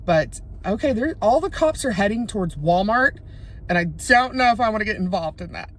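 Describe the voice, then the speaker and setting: A woman's voice: medium pitch, expressive, brisk. Chatty woman vlogging from a car. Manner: chatty, rambling, easily sidetracked. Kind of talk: casual talking vlog.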